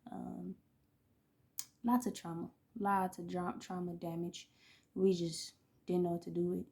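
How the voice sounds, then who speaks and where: She's a vlogger and oracle reader in her thirties with a lowish, gravelly, darkish voice, delivered flatly at a measured pace. Telling personal tales in a loose, rambling way, she laughs a lot and occasionally lowers her voice nearly to a whisper.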